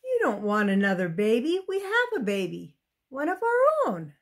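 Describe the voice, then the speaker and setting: A woman's voice: a little high, huge pitch swings, moderate pace, exaggerated voice. A woman voicing a practical pioneer mother who scolds and exclaims in a read-aloud storybook. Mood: scolding. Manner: scolding, exasperated.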